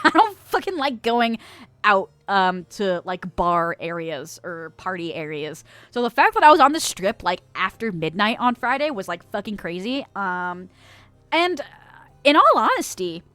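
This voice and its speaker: Giggly young woman streamer, lively pitch. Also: no room sound. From Las Vegas, United States. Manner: giggly, swears casually, reads chat aloud. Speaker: VTuber streamer. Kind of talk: casual livestream chat. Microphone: close studio mic.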